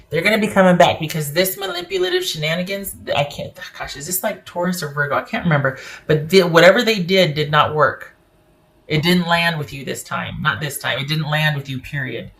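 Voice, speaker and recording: A woman's voice: low-pitched, a bit bright. Emphatic woman giving a tarot reading. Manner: emphatic and opinionated, addresses the viewer directly. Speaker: tarot reader. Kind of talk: casual tarot reading to camera.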